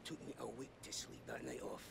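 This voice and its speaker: An actor with a Scottish accent playing a grizzled old sailor who tells a gruff tall tale in a video game. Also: male voice, medium pitch, fairly quick. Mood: storytelling. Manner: gruff storytelling. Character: grizzled old sailor spinning a boozy yarn. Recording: game audio with noise under it.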